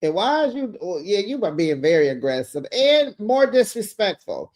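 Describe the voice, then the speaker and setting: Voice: mid-range voice, sing-song, normal speed, a little mellow. A host giving a casual recap of a reality show, sassy and gossipy, breaking into exclamations and laughs while retelling.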